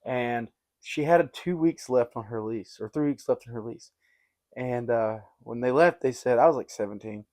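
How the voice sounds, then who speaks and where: A young man with a drawl spins a story for his podcast friends. He rambles, leans on "like" and "dude", and gets animated as the tale builds. His voice sits at an everyday middle pitch. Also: moderate pace. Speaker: podcast host. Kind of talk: casual storytelling chat.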